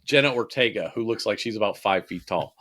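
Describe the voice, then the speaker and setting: A man's voice: lowish voice, brisk, fairly bright tone. A man co-hosting a podcast, talking animatedly in casual chat, ranting and swearing freely. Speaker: podcast co-host.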